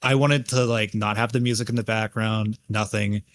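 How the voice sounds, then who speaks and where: A man's voice: on the low side, steady tone, moderate pace. A man guesting on a livestream, talking casually with many hesitations and fillers. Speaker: guest commentary video maker.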